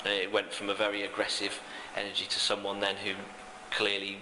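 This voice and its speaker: A man speaking as a medium on a ghost hunt, halting and fervent, with many restarts. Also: fairly low pitch, completely flat delivery, long reverb tail, noisy background. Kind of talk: emotional first-person reflection.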